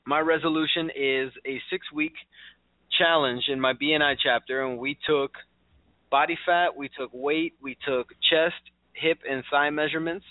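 A man's voice: a little high, steady tone, moderate pace, no echo. A man hosting a casual talk show, chatty and upbeat. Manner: chatty, upbeat, many fillers and restarts. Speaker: show host. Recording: dry, tinny phone-like line.

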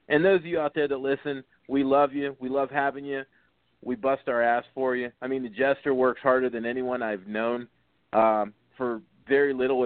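A man's voice: medium pitch, no echo. Easygoing male co-host on a phone line. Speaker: radio co-host. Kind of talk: casual talk radio. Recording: dry phone-line audio.

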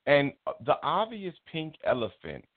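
A man's voice: a little high, unhurried, no room sound. A man co-hosting a radio talk show, telling stories in casual talk and acting out what others said. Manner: expressive storyteller, acts out quotes, restarts often. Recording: tinny phone-like, dry.

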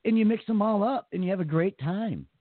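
A man's voice: high voice, brisk, no echo, phone-quality sound. A man hosting a radio talk show in casual, joking chat, often laughing and mocking.

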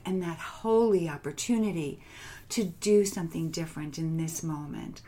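A woman guest, a transformational coach, telling personal stories in a gentle, reflective way that often drops to a hushed whisper, with light laughter. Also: deep voice, normal speed. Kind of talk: heartfelt personal storytelling interview.

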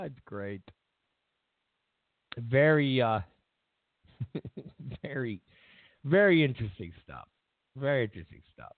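Over tinny, phone-like audio with a dry sound, a male political talk-show host mocks his opponents with casual sarcasm. His mid-range voice is creaky, and he repeats himself and chuckles frequently.

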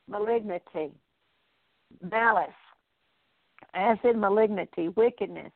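A woman leads a prayer of repentance, repeating each plea in an earnest, steady litany. Her voice sits in a middle pitch. The sound is dry and narrow, like a phone line. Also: no room sound. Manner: earnest, repetitive litany-like pleading. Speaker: minister leading prayer.

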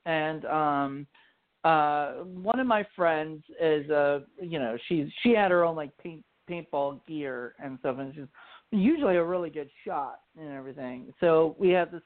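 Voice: mid-range voice, a little slow. Filmmaker, casual chat, midrange voice, phone-line audio. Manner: loose, hesitant with many fillers.

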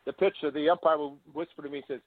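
A former baseball catcher, now an older man, shares long anecdotes on an interview show and acts out the people he quotes. He speaks fast at a fairly high pitch with fairly even intonation, no echo, through a tinny, phone-like connection.

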